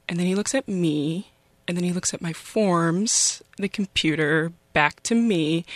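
A young woman telling a personal story in a wry, conversational, self-mocking way, pausing often on "um". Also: on the low side, fairly bright tone, no echo.

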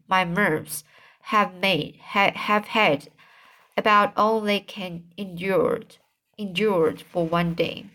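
A woman voicing an earnest young woman who speaks gently but firmly in a storybook reading. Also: medium pitch.

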